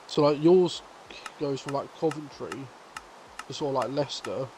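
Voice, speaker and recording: A man's voice: medium pitch, normal speed, mellow, a little hiss or hum, poor audio. Rambling man streaming a game. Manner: rambling, heavy on filler 'like'. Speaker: streamer host. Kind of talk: casual gaming stream chat.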